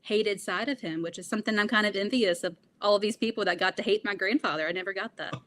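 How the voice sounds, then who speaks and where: A woman's voice: medium pitch, quick pace, hardly any pauses, fairly bright tone, a little hiss or hum. A young woman being interviewed, answering in an earnest, reflective way with frequent fillers. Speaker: interview guest.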